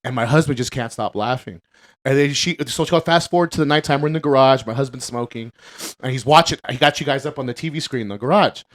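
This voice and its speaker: A man's voice: medium pitch, fast. A man in his thirties hosting a podcast, telling a long story in casual chat with crude humor and rambling restarts. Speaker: podcast host.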